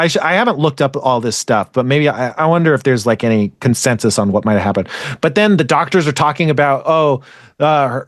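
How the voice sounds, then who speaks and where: A man's voice: fairly high pitch, a bit bright, no room sound, studio quality. A man hosting a podcast, chatting casually about an anime, rambling with frequent restarts and casual swearing. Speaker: podcast host.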